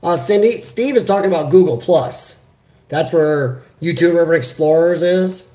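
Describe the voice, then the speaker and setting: A man from the United States hosting a casual live chat, talking in an animated, chatty way into a computer webcam. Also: fairly high pitch, moderate pace. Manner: animated, chatty, reads viewer comments aloud. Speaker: livestream host. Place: hospital room.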